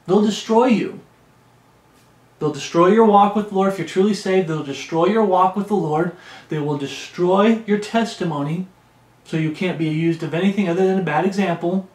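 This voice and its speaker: A male pastor in full sermon mode, reading scripture aloud and driving his points home with emphasis. He slows down to lean on key phrases, in a fairly high voice. The sound rings in an echoey room. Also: darkish tone.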